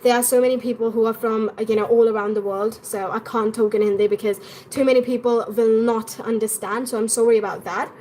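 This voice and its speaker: A woman's voice: a little high, fairly even intonation, fairly quick, mellow, slight background noise. A young woman with an Indian English accent, talking eagerly and repetitively on a live stream as an accent teacher.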